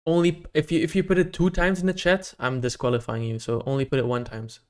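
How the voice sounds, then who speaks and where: A man's voice: fairly high pitch, flat delivery, quick pace. A young man on a casual live stream, chatting to his viewers and reading out their names one by one. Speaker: livestreamer running a giveaway.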